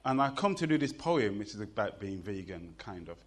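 A man's voice: on the low side, big pitch swings, fairly quick. A middle-aged British man performing poetry to a live audience, with a rhythmic chanting delivery and playful banter with the crowd. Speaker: performance poet.

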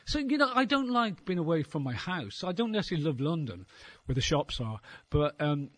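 Very animated and brisk, his voice a little high with a fairly bright tone, a middle-aged Dublin man rambles through a wry comedy set and curses freely. The Irish stand-up comedian and poet is onstage before a live crowd.

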